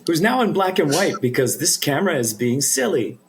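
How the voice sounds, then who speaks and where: Host, casual podcast chat, mid pitch, playful and giggly, faint room noise behind. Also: sing-song, brisk, few pauses.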